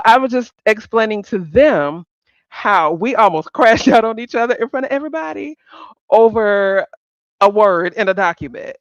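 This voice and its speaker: A woman hosting a live stream, chatting casually with her audience in a blunt, profane and animated way, laughing often. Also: on the high side, dry recording, lo-fi sound. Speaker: livestream host.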